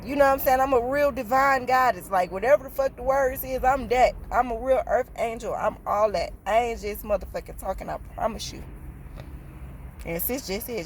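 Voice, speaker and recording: A woman's voice: fairly high pitch, moderate pace, a little hiss or hum. A woman telling a casual storytime on her vlog, blunt, slangy and passionate, swearing freely. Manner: slangy, streetwise talk. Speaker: vlogger.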